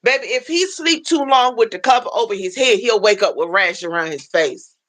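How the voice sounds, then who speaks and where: A woman hosting a casual livestream chat, telling animated stories and acting out the people she quotes. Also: a little fast, poor audio. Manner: animated storyteller, acts out quoted voices with high pitch. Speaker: livestream host. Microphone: phone livestream.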